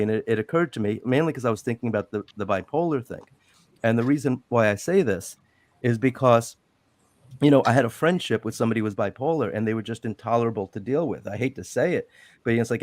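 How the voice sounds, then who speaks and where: A middle-aged man retelling an old film story at length on a video call, rambling and animated, acting out quotes. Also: medium pitch, fast, no room sound. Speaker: guest on a live panel. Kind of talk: casual storytelling on a group call.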